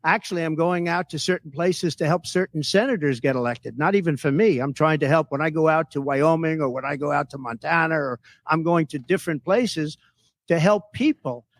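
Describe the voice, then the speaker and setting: A man's voice: fairly high pitch, brisk, no echo. Boastful man answering press questions. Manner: boastful, repetitive, emphatic. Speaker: political candidate at a press conference.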